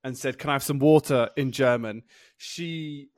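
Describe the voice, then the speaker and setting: A man's voice: mid-range voice, moderate pace, no room sound. A young man from the UK co-hosting a podcast in casual chat, rambling with lots of fillers and restarts. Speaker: podcast co-host.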